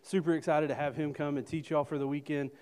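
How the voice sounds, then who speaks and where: A man, a youth pastor giving energetic announcements to a youth group while out of breath. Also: fairly high pitch, fast talker. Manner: energetic, joking with the crowd. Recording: echoey hall.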